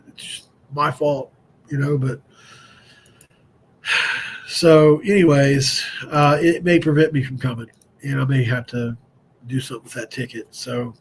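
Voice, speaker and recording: A man's voice: medium pitch, a little hiss or hum. A middle-aged man hosting a live stream, rambling in a candid, self-deprecating way. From West Virginia. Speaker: host of a fan show.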